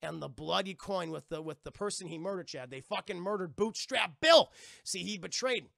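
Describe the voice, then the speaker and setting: A young man casually retelling a movie to his stream chat, animated and profane, acting out the characters' lines. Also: sits high, normal speed, gravelly, dry recording, studio quality. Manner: animated, profane, acts out lines in put-on voices.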